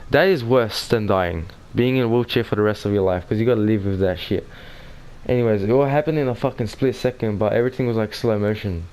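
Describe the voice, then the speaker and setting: Low-voiced swearing teen storyteller. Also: male voice, fast talker, darkish tone, smooth. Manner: rambling, heavy swearing, frequent restarts. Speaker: gaming channel host. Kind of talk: casual storytelling.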